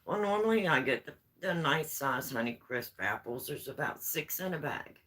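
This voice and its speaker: Woman vlogger, bright voice, chatty homespun stories, rambling. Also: sits low, lively intonation, moderate pace, poor audio. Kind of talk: casual storytelling chat. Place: home.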